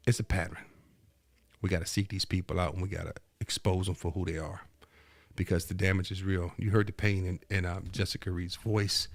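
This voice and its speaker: Podcast host, male, lower register, dry home-studio sound, blunt and emphatic delivery. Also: no room sound. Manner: profane, heated and emphatic, rising to near-shouting; subdued, hesitant and soft-spoken. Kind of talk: angry commentary rant. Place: home dining room studio.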